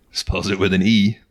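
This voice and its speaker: Very deep-voiced, laid-back man recapping. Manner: laid-back, profane, acts out quotes with laughs. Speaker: podcast host. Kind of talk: casual movie recap chat.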